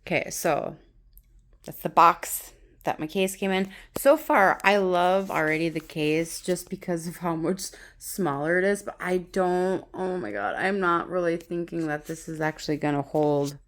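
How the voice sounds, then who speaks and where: Excitable woman chatting in a casual vlog. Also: on the low side, a little slow. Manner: excitable, gushing, laughs often. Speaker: vlogger. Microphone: phone camera on tripod.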